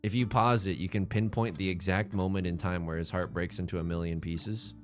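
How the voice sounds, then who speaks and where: A man streaming a building game live, thinking aloud in an excitable, joking way and swearing at his own designs. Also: sits low, a little fast, soft background music. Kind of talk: live gameplay commentary.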